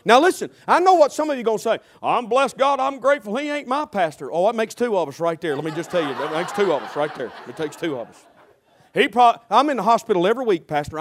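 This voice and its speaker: A man preaching a sermon as pastor, emphatic, repetitive and humorous. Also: high voice.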